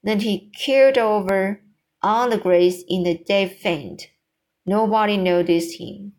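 A woman reading a children's book aloud at a very slow, careful pace. Her medium voice sometimes stumbles over a word before she goes on. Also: medium pitch, darkish tone. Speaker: storybook reader.

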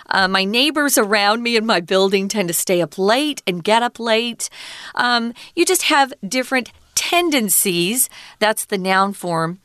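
A woman from Arizona teaching English vocabulary in a casual, chatty way, explaining words slowly with asides. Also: mid-range voice, fairly bright tone, smooth, no echo, studio quality. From Arizona, USA. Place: lives in Taiwan.

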